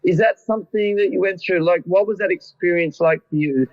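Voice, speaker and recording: High-voiced Australian man, effusive interviewer. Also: fairly quick, muffled recording. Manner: effusive, rambling questions. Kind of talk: conversational interview.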